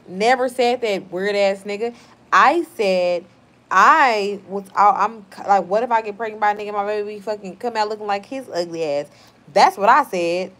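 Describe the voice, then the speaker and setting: A woman's voice: medium pitch, fairly bright tone. A woman in her thirties hosting a live stream, reading out viewer comments in a blunt, heated, profane way.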